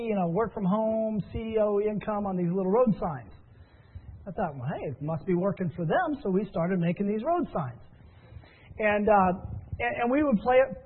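A man giving an upbeat, encouraging business training talk full of stories. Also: high-pitched. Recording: tinny phone-line audio.

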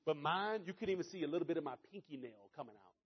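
A man giving a motivational speech to an audience, telling a story in an animated, conversational way. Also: on the high side, fast, slightly rough, highs cut off. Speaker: motivational speaker.

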